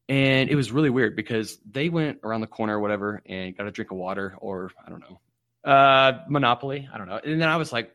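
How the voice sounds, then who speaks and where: A man hosting a livestream, rambling through absurd comic stories in a deadpan way. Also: medium pitch, quick pace, no room sound, studio quality. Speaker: livestream host.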